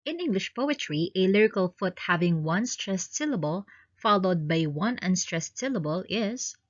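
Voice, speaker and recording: A woman's voice: medium pitch, lively intonation, moderate pace, muffled recording. A woman with a Filipino accent reads exam review questions aloud and explains each answer choice in turn, like a teacher. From Philippines.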